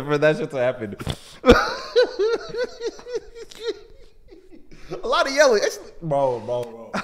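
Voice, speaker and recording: A young man chatting on a podcast, his voice lively and swinging high and low as he tells stories. He laughs often and slips into quick bursts of storytelling. His voice sits a little higher than most men's. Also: slight background noise. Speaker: podcast co-host. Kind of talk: casual chat.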